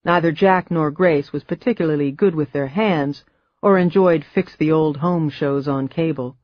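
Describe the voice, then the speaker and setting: A wry, measured audiobook narrator reading a mystery thriller at a middle pitch. The booth sound is dry with no room at all. The top end is a little dull. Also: dry recording. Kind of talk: scripted narration.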